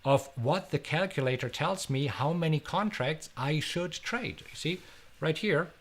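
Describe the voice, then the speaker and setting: Fielding viewer questions on a live stream, this middle-aged German host has a German accent and a voice on the high side, speaking a little slowly. He's energetic and talkative, frequently repeating words.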